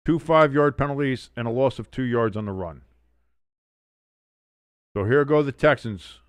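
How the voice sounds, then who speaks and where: A man hosting a sports watch-along stream, giving excitable play-by-play with blunt, profane reactions. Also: medium pitch, moderate pace, no echo. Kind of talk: casual live sports commentary.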